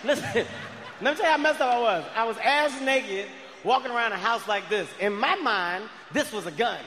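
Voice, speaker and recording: High-pitched guy doing stand-up, loud and worked up, big echoey venue, faint room noise. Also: moderate pace. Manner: loud, excitable storytelling. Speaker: stand-up comedian. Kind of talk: stand-up comedy. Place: large live comedy venue. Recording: live venue with long reverb and faint crowd noise.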